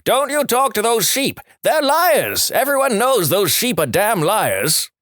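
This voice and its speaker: A furious old farmer yelling in outrage, his voice jumping far above its usual pitch, as a man puts him on. The tone is strained and loud with a dry, close sound. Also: wildly swooping pitch, a little slow, no room sound, exaggerated voice. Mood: outraged. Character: angry old male farmer, shouting.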